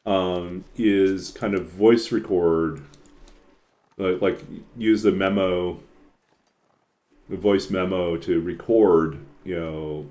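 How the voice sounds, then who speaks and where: A man's voice: sits low, fairly even intonation, slow, pauses often, warm tone. A man streaming a game and chatting casually, rambling with lots of filler words and frequent chuckles. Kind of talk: casual chat while playing.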